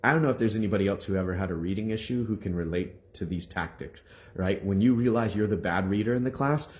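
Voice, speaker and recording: Animated male minister telling a story. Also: lowish voice, quick pace. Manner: animated, rambling storytelling with many restarts. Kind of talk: personal testimony to a congregation.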